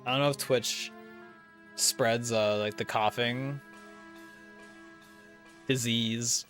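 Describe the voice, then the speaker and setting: A man's voice: mid-range voice, steady tone, slow pace, fairly bright tone. A young man livestreaming a speedrun, chatting casually in a rambling way, full of fillers and chuckling asides. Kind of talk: casual chat while speedrunning. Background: game music.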